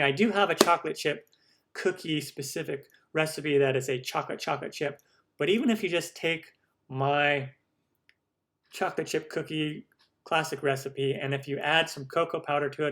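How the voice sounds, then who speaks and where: A man's voice: on the high side, a bit bright. A man from the United States hosting a cooking channel live stream, chatting upbeat through viewer questions with lots of ums.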